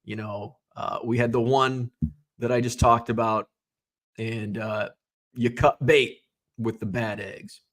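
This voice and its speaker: A middle-aged man hosting a casual livestream, telling stories in a profane, animated way and answering viewers. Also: medium pitch, slow pace. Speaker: livestream host.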